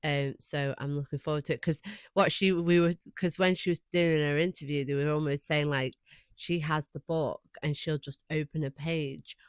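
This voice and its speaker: Low-voiced woman, earnest chat. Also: steady tone, normal speed, no echo. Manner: earnest, reflective, admiring. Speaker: podcast co-host. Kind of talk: casual chat.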